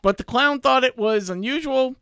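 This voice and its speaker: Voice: high voice, normal speed, fairly bright tone, clean tone, no room sound, clean studio sound. A radio co-host in casual banter, telling an odd news story in a chatty, amused way.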